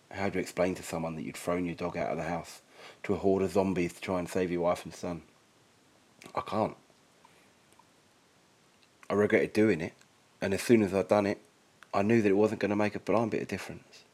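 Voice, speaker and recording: A man reading a first-person story aloud in a quiet, sombre and reflective manner. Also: deep voice, steady tone, normal speed, pauses often, husky. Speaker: narrator.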